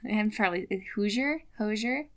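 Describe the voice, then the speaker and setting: A woman's voice: mid-range voice, moderate pace. A woman talking casually on a podcast, playful and laughing often, swearing freely. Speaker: podcast guest. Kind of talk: casual chat.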